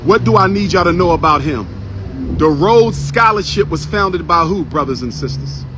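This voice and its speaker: A man's voice: fairly high pitch, expressive, moderate pace, noisy background. A man giving a fiery outdoor speech to a crowd, repeating his lines with a preacher-like cadence. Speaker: street speaker. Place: outdoors on a city street by a historical marker.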